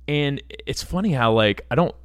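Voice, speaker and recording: A man's voice: medium pitch, animated, normal speed, clean tone, no echo, clean studio sound. A man co-hosting a podcast in casual chat, telling rambling anecdotes and laughing easily. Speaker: podcast co-host.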